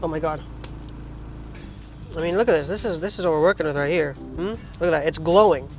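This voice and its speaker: A man's voice: a little high, fairly quick, faint music behind. A young man, vlogging from his parked car with a phone, rambling with jokey asides while he eats. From Trinidad. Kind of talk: casual car vlog while eating.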